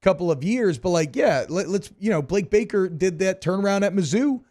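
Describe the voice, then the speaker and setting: Sex: man. Role: wry sports radio co-host. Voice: fairly high. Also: lively intonation, moderate pace, darkish tone. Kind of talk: casual sports radio banter. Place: radio studio.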